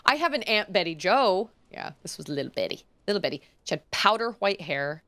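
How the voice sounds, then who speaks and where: A woman's voice: mid-range voice, sing-song, a little fast, fairly bright tone, no room sound. A woman chatting casually while playing a video game, rambling off on tangents and giggling often. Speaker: gaming streamer. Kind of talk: casual let's-play commentary.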